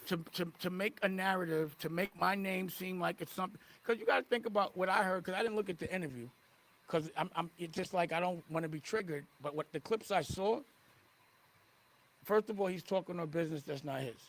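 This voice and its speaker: A man's voice: high voice, fairly quick. A man defending himself in an interview, indignant, often repeating and restarting mid-sentence. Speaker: interviewee in a played clip. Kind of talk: heated interview talk.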